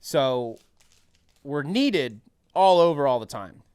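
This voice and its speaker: A young man from New Mexico, a comedian guest, telling lively profane stories in casual podcast chat and acting out other people's voices. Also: on the high side, slow, smooth, no room sound, clean studio sound. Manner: animated, swearing, acts out other people's voices.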